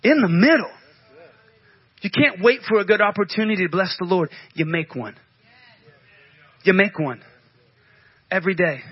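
Male pastor, very high voice, fervent sermon delivery with call-outs, dry lo-fi recording. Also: normal speed, pauses often, husky, no room sound. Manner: fervent preaching with call-outs, acts out prayers.

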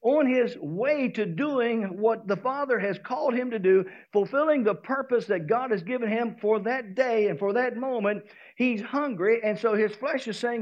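A man's voice: extremely high pitch, normal speed, few pauses, dull audio. A male pastor with a Southern US accent, preaching a sermon and acting out the voices in his story.

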